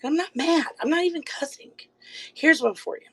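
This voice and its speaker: Woman streamer, a little high, on a phone mic; confrontational rant delivered in quick bursts, keeps saying she isn't angry. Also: poor audio. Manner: confrontational, repeated pointed rhetorical questions; rapid bursts, insists she is calm. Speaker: live streamer. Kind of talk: livestream call-out rant.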